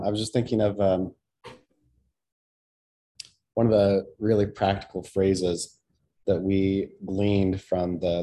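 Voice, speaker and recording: A man co-hosting a motivational chat, speaking in a relaxed, thoughtful way. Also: low-pitched, slight background noise. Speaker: co-host. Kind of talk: casual chat.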